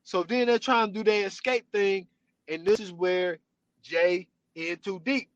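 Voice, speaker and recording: A man hosting a podcast, retelling a story in an animated, casual way with lots of "you know what I'm saying". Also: sits high, a little slow, dry recording, muffled recording. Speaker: podcast host. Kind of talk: casual chat.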